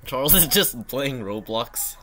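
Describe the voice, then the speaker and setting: A teenage boy hosting a casual reaction video at home, excitable and self-mocking, saying "bro" a lot. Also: mid-range voice, measured pace. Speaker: channel host reacting to his own old basketball video.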